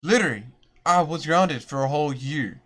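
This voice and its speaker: A man's voice: fairly high pitch, lively intonation, moderate pace, fairly bright tone. A young man rambling through a storytime vlog, self-deprecating and restarting his sentences often. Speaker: vlogger.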